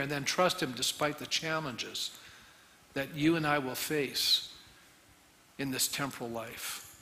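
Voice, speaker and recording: A pastor delivers a sermon in a bright, ringing voice, set a little higher than most men's. He pleads earnestly with the congregation, swelling louder, then dropping low. The sanctuary gives his words a long reverb, with soft music faintly underneath. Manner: earnest, pleading, rises and drops in volume. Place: church sanctuary. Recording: long reverb of a large hall.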